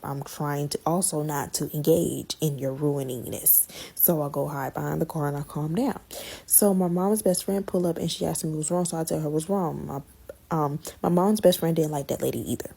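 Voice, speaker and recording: A woman hosting a podcast, telling a story in casual, slangy chat that swings between loud and hushed. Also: low voice, gravelly, breathy edge.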